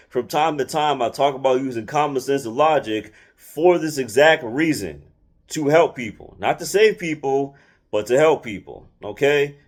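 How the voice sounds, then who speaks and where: Blunt, colloquial man telling a story. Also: mid-range voice. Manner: restarts and repeats phrases. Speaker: content creator telling his story. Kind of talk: casual storytelling monologue.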